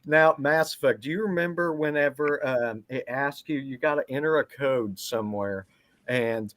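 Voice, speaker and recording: A man's voice: medium pitch, moderate pace, fairly bright tone, dry recording. A man co-hosting a podcast, telling rambling stories in a casual chat about video games. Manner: rambling, quotes game lines. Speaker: podcast co-host.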